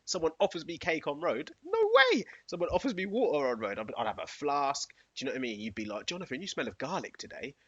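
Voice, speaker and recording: A man's voice: on the high side, sing-song, fast talker, few pauses, breathy edge, dry recording. A man co-hosting a podcast in casual comedic banter, rambling through stories and chuckling often. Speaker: podcast co-host. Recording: dry, muffled lo-fi recording.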